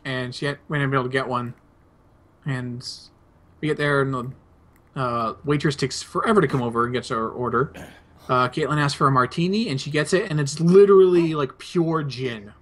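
A man's voice: medium pitch, normal speed, a bit bright. A young man, host of a two-player gameplay video, casually rambling through a personal anecdote. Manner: rambling anecdote, laid-back. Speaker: let's play host.

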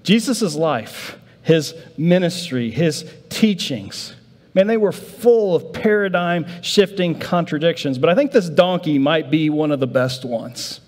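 A man preaching a sermon as pastor, telling the story with lively acted-out voices of the disciples. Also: a little high, unhurried, in a large hall. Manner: animated storytelling, voicing disciples in a raised voice. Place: church sanctuary.

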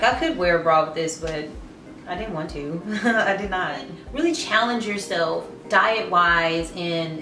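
A chatty woman talks to camera in a casual fitness vlog, often restarting her sentences. Her voice sits on the low side, a little distant from the mic in an echoey room. Light music plays faintly behind her. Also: a bit bright. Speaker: fitness vlogger.

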